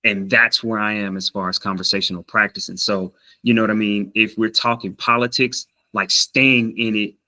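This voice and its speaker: A man's voice: lowish voice, steady tone, fairly quick, few pauses, bright, forceful tone, poor audio. A man vlogging in a casual, rambling way, often repeating words as he thinks aloud. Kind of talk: casual talk to camera.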